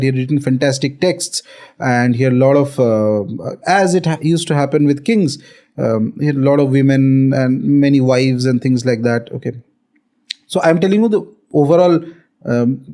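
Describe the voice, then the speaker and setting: Mellow Indian man telling a tale. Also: mid-range voice. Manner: explanatory, frequent "okay" check-ins. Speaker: spiritual teacher, guest. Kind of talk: storytelling in conversation.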